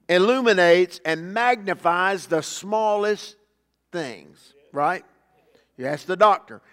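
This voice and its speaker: A pastor with a high, light voice delivers a sermon. He talks to the congregation in a folksy way, swelling loud when he quotes scripture and sinking low and soft for his asides. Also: big-room sound.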